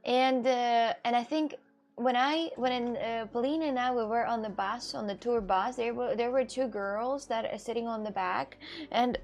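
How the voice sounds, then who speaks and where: A woman streaming, chatting casually and reading chat aloud, halting often with fillers and restarts. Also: a little high, a little mellow.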